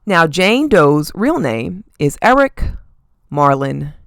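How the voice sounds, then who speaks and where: A sassy woman rattles off celebrity gossip as a podcast host, leaning on pointed "okay?" asides. Her voice sits a little low with a gravelly edge. Her pitch swings widely, and the recording is dry and close. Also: big pitch swings, slow, no echo. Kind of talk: casual celebrity gossip commentary.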